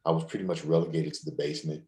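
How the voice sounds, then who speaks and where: A man hosting an interview and talking in a measured, earnest, slightly formal way. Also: rumbling low, level tone, echoey room, a crowd in the background, low-quality recording. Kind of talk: casual interview chat.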